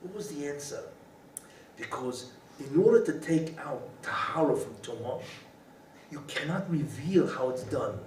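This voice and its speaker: This rabbi's Torah lecture is lively and rhetorical, full of questions he answers himself, delivered in an unhurried way. His pitch is a little high. He sounds far off in an echoing room, with a faint hiss.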